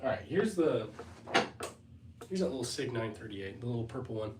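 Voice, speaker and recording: A man's voice: mid-range voice, sing-song, normal speed, heavy background noise. A young man hosting a casual live Q&A stream, laid-back and hesitant, reading out viewer questions and thanking people as he goes. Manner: laid-back, hesitant, lots of fillers and shrugging asides; reads chat aloud and thanks viewers. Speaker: livestream host.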